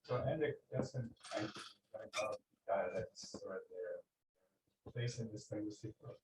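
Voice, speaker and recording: A seminar participant putting a hesitant, halting comment to the lecturer. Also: mid-range voice, background noise. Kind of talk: question from the audience. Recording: echoey room, distant from the mic, chatter around.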